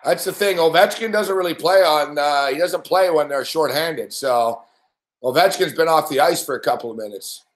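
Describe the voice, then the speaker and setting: A man hosts a late-night sports betting show, his voice fairly high. He rants with nonstop profanity and sneering impressions of the people he quotes. The recording sounds echoey, as if in a bare room. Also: normal speed. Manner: profane, angry ranting; mocking impressions of others. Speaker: host. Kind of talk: ranting sports betting commentary.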